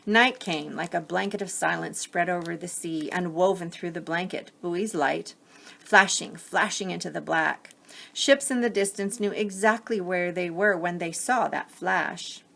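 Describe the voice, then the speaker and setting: A woman reading a picture book aloud to children as a teacher, gently pausing to explain the story. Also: lowish voice, creaky.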